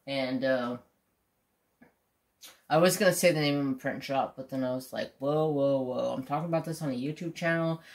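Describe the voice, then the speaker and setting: A man's voice: medium pitch, normal speed. A middle-aged man chatting casually and bluntly while doing a craft, rambling and swearing freely. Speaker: craft channel host. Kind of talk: casual chat while diamond painting.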